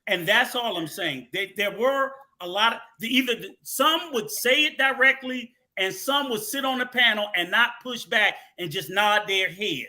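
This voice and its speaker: High bright-voiced man making his point. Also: lively intonation, moderate pace, hardly any pauses. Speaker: podcast panelist. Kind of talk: casual panel discussion.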